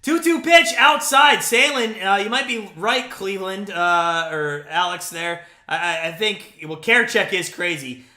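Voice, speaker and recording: A man in his late thirties doing live fan play-by-play, excitable and out of breath, swinging between hyped calls and grumbling. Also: high voice, unhurried, few pauses, echoey room. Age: 30s. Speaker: live stream play-by-play host.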